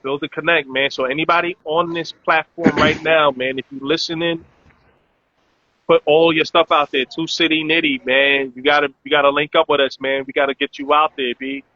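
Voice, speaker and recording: A man's voice: fairly high pitch, little pitch movement, normal speed, pushed and bright, dry recording. A man hosting a casual live-stream chat, loose and promotional, with many filler words. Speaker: host. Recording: dull lo-fi audio.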